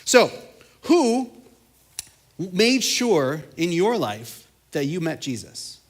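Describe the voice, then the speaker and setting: Animated high-voiced youth pastor. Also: male voice, very slow. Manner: animated, conversational, acts out quotes. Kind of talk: energetic casual sermon.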